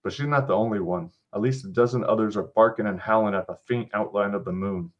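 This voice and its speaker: Low-voiced man reading a story with salty asides. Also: fast talker, highs cut off. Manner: casual, profane asides. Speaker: podcast host. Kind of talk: reading an interactive story aloud.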